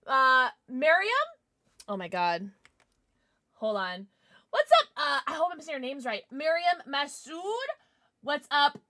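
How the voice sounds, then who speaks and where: A bubbly, excitable woman chatting casually to her livestream audience while she plays. Her voice sits high and leaps around constantly, and she giggles often between lines. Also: slow pace, long pauses. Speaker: game streamer.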